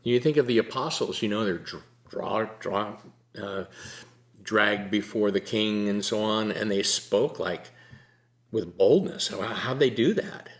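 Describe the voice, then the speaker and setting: An older man sharing a personal faith story in a relaxed, earnest conversation, sometimes laughing as he tells it. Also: lowish voice, unhurried. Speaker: guest sharing testimony. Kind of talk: conversational testimony.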